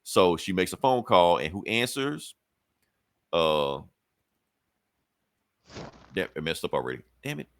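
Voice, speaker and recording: A man's voice: sits low, big pitch swings, unhurried, pauses often, a bit bright, dry recording. A man co-hosting a podcast, retelling a comic episode in a loose, rambling, profane way. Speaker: podcast co-host. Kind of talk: casual comic recap.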